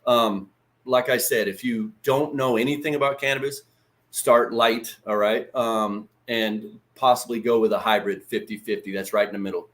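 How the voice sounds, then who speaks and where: A man's voice: on the low side, steady tone, moderate pace, a bit bright. A man hosting a casual livestream lesson. He talks in a loose, chatty way, swears freely and greets viewers by name. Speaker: livestream host.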